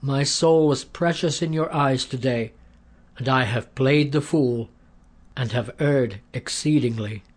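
A man voicing a remorseful older king in a read-aloud story, speaking solemnly with a husky voice. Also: medium pitch, measured pace, close to an everyday voice.

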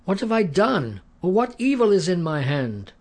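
A man voicing a brave, forgiving young male hero in a read-aloud story, with a husky voice. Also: mid-range voice, animated, a little slow. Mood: pleading call. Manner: earnest, calling out loudly across a valley.

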